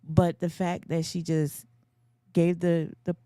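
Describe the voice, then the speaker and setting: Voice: medium pitch, little pitch movement, slow pace, warm tone, dry recording, clean studio sound. A podcast co-host chatting casually, agreeing often and adding short supportive remarks.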